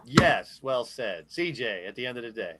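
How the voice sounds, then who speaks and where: A man's voice: medium pitch, very animated, normal speed, fairly bright tone, slight background noise. A man in his fifties co-hosting a podcast, chatting casually, cracking corny jokes and swearing freely. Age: 50s. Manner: jokey, self-mocking, swears freely. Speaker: podcast co-host. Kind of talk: casual chat.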